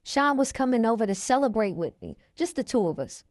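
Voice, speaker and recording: Woman, memoir reading, first person, steady, dry close mic. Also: fairly high pitch, brisk, no room sound. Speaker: reader.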